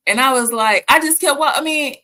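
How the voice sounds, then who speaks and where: A woman from the American South hosting a casual faith talk, telling stories in an animated way with frequent restarts. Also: high-pitched, brisk. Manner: animated storytelling with laughs and restarts. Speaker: host.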